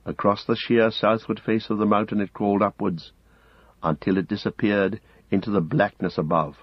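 A man narrating an audiobook in a measured, grave storytelling manner, close to the mic. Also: on the low side, flat delivery, no room sound. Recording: dull lo-fi audiobook recording.

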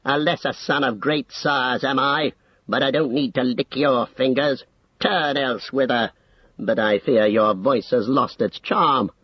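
A man voicing an aging, defiant king in an audiobook, making slow, weighty accusations in a gravelly voice. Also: mid-range voice, no echo. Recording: dull lo-fi audio, dry.

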